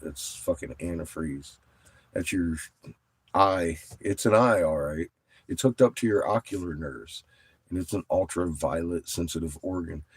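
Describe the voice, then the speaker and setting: A middle-aged man rambling excitedly and profanely in a casual monologue, showing off rocks from inside an RV. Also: low voice, breathy edge.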